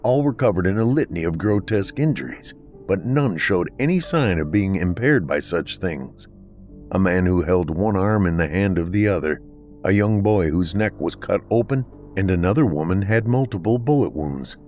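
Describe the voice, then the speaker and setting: A man hosting a podcast, narrating a horror story in a measured, dramatic way. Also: low-pitched, animated, darkish tone, soft background music.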